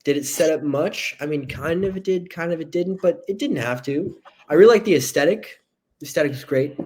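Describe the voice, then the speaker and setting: Playful higher-voiced man chatting on a podcast. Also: darkish tone. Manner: playful, boastful banter with quick asides. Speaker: podcast co-host. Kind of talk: casual movie podcast chat.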